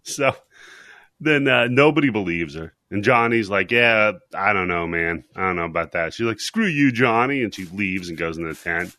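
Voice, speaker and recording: A man co-hosting a podcast, chatting casually and recapping a movie scene by scene, laughing often and putting on quick voices for the characters. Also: low voice, bright, forceful tone, no echo, studio quality. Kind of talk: casual comedic chat.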